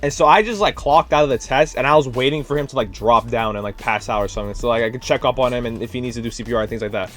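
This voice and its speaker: A young man, a student teacher, telling a rambling, animated story in a casual vlog, full of fillers and worn out from his day. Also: mid-range voice, rapid-fire, hardly any pauses, faint music behind. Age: young adult. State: tired, drained.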